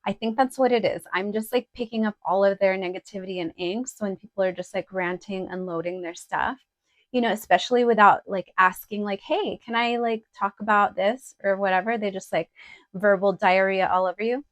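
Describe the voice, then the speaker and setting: A woman's voice: mid-range voice, fairly even intonation, fairly quick, dry recording. Chatty woman with a dry close sound. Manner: chatty and direct, many fillers. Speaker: vlogger. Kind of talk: casual try-on haul chat.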